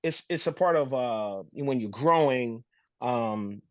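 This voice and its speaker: A man from New Jersey, a podcast guest telling stories in casual talk, animated and full of restarts. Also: mid-range voice, slow, no echo. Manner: animated storyteller, acts out voices, frequent restarts. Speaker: podcast guest, former pro basketball showman.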